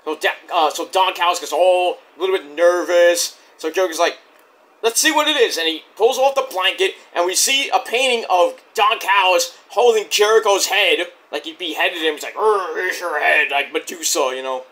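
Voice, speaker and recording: Retelling a wrestling show segment by segment, a man rambles, curses and keeps restarting his sentences. He talks at normal speed with few pauses, in a high-pitched, fairly bright voice.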